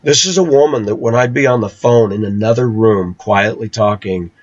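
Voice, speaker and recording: A man vlogging a personal story rant, indignant and animated, acting out the quotes as he goes. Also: lowish voice, moderate pace, dry recording. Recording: dull, dry lo-fi sound.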